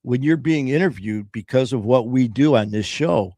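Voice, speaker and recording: An earnest man tells his own story in casual talk, pausing and restarting as he goes. His voice sits in a middle register and is recorded with a dry, close sound. He voices the people he quotes in his own voice. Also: medium pitch, dark tone, dry recording. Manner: earnest, halting, often pausing with "um".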